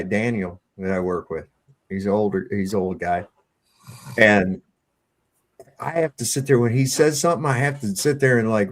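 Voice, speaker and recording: A man chatting casually on a panel, blunt and swearing freely as he tells a story. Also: on the low side.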